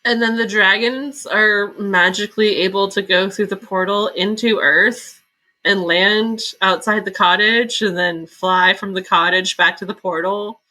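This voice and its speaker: A woman's voice: mid-range voice, steady tone, a little slow, bright, forceful tone. A woman co-hosting a podcast, blunt and laughing often, swearing freely in a casual book review. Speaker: podcast co-host.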